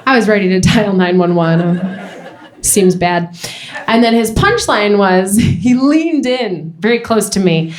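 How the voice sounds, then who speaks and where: A young woman doing a stand-up comedy set on a club stage, telling stories with quick asides. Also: medium pitch. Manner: animated storytelling, quick asides. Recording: roomy club with faint noise.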